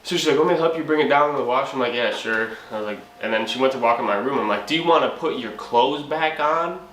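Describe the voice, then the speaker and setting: A young man with a bright, forceful voice tells a comic story in a loose, profane way, acting out what he said back then. The room is echoey, with a faint hum of ambience behind him. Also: medium pitch, quick pace. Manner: profane, laughing, acts out his own quotes. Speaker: channel host.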